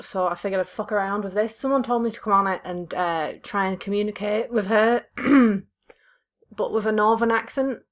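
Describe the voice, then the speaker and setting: A woman from northern England riffing through casual game commentary, mid-pitched, crude and teasing, breaking into laughter often. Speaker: YouTuber.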